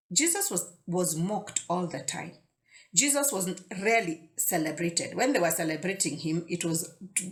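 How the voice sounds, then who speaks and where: A woman's voice: on the low side, a bit bright. A woman hosting a casual devotional talk, conversational and often repeating words as she thinks aloud. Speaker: devotional video host.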